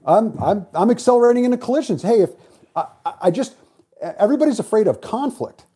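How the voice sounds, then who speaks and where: A man's voice: high-pitched, quick pace, slightly rough. A middle-aged man telling stories in casual talk, blunt and profane. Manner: blunt, profane, animated storyteller. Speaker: podcast guest. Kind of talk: casual storytelling chat.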